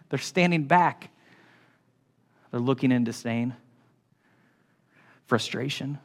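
A man preaching a sermon as pastor, animated and swinging from hushed lines to shouts. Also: medium pitch, slow pace, long pauses.

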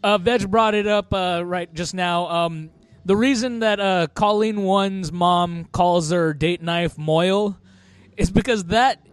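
A man's voice: sits high, takes it slowly, smooth, no echo, faint music behind. A man on a podcast casually recapping a movie, rambling with lots of fillers and frequent laughter. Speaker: podcast co-host.

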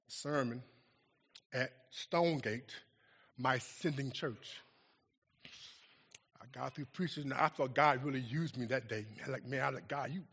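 A man preaches a sermon in a large hall with a long, ringing reverb. His slightly husky voice sits high for a man and rises and falls widely. He swings from booming, shouted lines down to hushed, near-whispered ones. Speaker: pastor. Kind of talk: sermon with storytelling.

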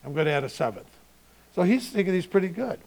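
A male pastor giving a sermon in a relaxed, conversational way, asking his listeners rhetorical questions. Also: high voice, quick pace, vocal fry.

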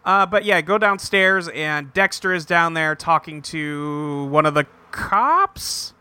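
A podcast co-host with a fairly high, clear, resonant voice takes it slowly while retelling a TV episode in casual chat. He's animated and acts out what the characters say. There's no room sound.

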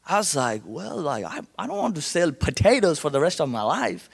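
Animated Indian-accented man in echoing hall. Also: on the high side, a little fast, vocal fry, husky. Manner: animated storyteller, acts out voices in quotes. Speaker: guest speaker sharing testimony. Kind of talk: church testimony to a congregation. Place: church sanctuary. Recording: long hall reverb.

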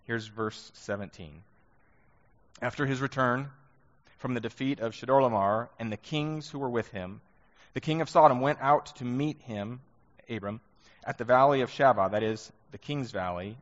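A man preaching a sermon in a relaxed, conversational way, with many rhetorical questions. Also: medium pitch. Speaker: pastor. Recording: muffled sound with long hall reverb.

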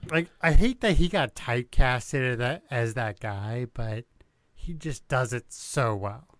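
Smooth-voiced man in casual podcast chat. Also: medium pitch, expressive, no echo. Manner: laughing, tries quick impressions. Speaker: podcast co-host.

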